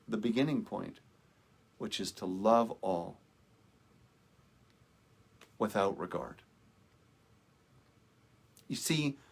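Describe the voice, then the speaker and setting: Slow, gravelly-voiced man giving a sermon. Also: on the low side. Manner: slow, measured, contemplative delivery with soft trailing phrases. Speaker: minister.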